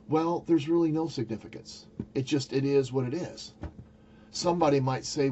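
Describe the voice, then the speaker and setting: A man's voice: medium pitch, fairly even intonation, moderate pace, mellow, lo-fi sound, a little hiss or hum. An older man talking casually to camera about a personal experience, rambling and searching for words with many restarts. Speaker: YouTuber recounting a spiritual experience.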